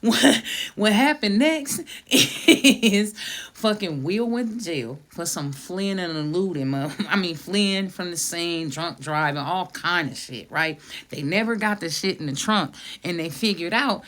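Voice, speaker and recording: A woman's voice: on the low side, a little slow, fairly bright tone. A middle-aged woman comedian telling a profane story, laughing often and acting out the quotes. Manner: laughs through the story, swears a lot, acts out quotes.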